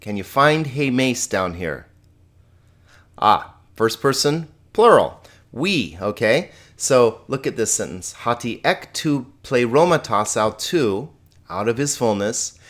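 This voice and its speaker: A man teaches a recorded lesson in a voice of middle pitch. He explains patiently and slowly, stopping to put questions to his students. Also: very animated, fairly bright tone. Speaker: Greek teacher.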